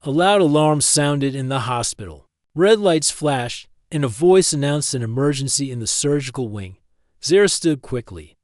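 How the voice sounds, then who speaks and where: A man narrating a scripted sci-fi story in calm, steady, plain sentences. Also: mid-range voice, normal speed, dry recording, clean studio sound.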